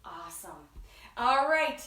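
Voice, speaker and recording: Cheery high-voiced woman teaching kids. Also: very animated, slow, pushed and bright, echoey room, distant mic, soft background music. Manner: sing-song, enthusiastic teacher talk to kids. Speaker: children's story time host. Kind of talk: children's read-aloud lesson.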